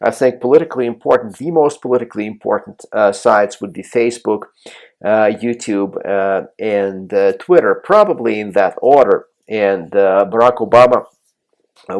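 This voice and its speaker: A man giving a recorded college lecture on politics and the media, speaking in a measured way with frequent "uh" fillers and restarts. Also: fairly low pitch, darkish tone.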